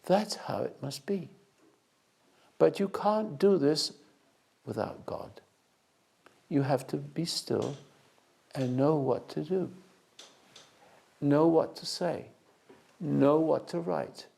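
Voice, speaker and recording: Older male teacher, gravelly and husky, slow halting sermon-like delivery. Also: a little high, lively intonation, darkish tone. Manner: slow storytelling with many restarts and hesitations. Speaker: spiritual teacher. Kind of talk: unscripted sermon-like talk.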